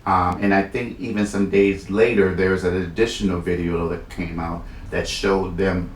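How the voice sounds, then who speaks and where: A man's voice: sits low, flat delivery, normal speed, a little hiss or hum. A man co-hosting a podcast, talking earnestly with frequent restarts. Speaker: podcast co-host. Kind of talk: casual discussion. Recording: roomy echo, a bit far from the mic.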